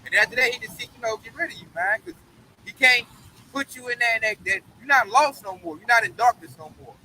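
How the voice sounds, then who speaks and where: Bright high-voiced man preaching casually. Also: fairly quick, slight background noise, rough recording. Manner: emphatic, slangy, keeps saying "man". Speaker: Bible study co-teacher.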